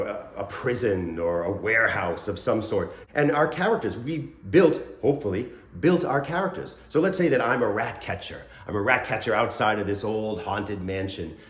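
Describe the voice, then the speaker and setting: A man, a scare actor, casually explaining acting techniques and briefly acting out lines in a raised voice. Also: fairly low pitch. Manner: animated, acts out short scene lines in a raised voice. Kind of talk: casual instructional talk to camera. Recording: roomy echo.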